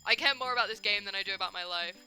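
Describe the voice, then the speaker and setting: A young adult woman streaming a game, chatting casually and ranting in an animated, profane, self-mocking way. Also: mid-range voice, rapid-fire, soft background music. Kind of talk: casual gameplay commentary.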